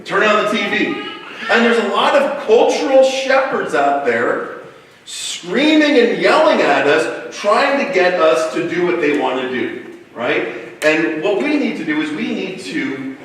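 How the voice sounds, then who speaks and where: A man preaching a sermon as pastor, telling stories in a lively way with stumbling restarts, recorded from a distance in a church. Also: high-pitched, a little slow, a little hiss or hum. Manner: animated and storytelling, with stumbling restarts. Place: church sanctuary. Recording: echoey church hall picked up from far off.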